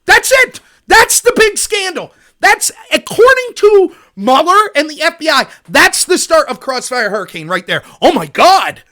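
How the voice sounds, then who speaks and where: A man hosting a political commentary livestream, talking in an animated, sarcastic, ranting way. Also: very high voice, normal speed, hardly any pauses. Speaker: host.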